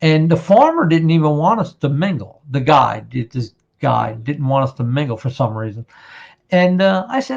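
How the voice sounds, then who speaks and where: A man's voice: a little high, lively intonation, fairly quick, creaky. A man in his fifties from New Jersey, hosting a casual chat and telling a long hunting story, acting out what others said. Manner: storytelling, acts out quotes of others. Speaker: podcast host. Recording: dull lo-fi sound.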